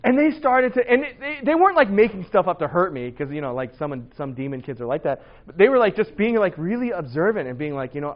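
Man, 40s, youth pastor; lively storyteller with a slightly high voice, mimics his kids, dull lo-fi recording. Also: quick pace, hardly any pauses. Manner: animated storytelling, acts out his kids, laughs often. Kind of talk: sermon to teenagers.

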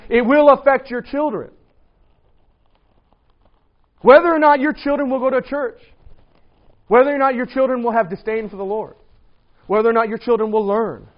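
A man preaching a casual, lively sermon to a congregation, often asking "right?" and acting out what people say. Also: high-pitched. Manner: lively, rhetorical, acts out quoted voices. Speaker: pastor. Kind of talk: sermon on dating and marriage. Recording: dull lo-fi recording.

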